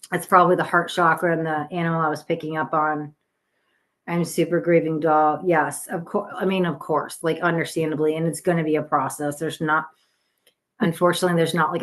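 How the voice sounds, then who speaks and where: A woman hosting a live psychic reading stream, chatty and earnest, talking with gentle guidance and frequent restarts while tired. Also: on the low side. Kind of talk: casual live-stream chat.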